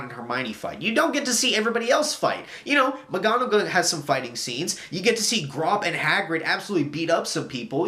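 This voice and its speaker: Animated, lively male movie reviewer. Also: fairly high pitch, reverberant. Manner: animated and exasperated, with mocking impressions. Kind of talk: casual opinion talk.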